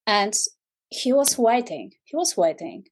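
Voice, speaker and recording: Slow, hesitant woman. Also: mid-range voice, big pitch swings, darkish tone. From Poland. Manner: hesitant, many fillers. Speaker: guest, equestrian professional.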